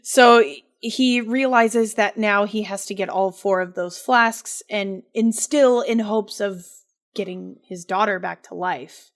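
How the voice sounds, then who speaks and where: In a relaxed podcast chat, a female co-host walks through a game's story, laughing a lot and filling her speech with fillers. She has a medium-pitched voice and takes her time.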